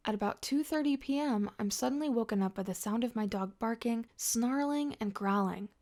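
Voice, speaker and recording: A woman reading first-person drama stories aloud in a steady scripted narration. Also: on the high side, moderate pace.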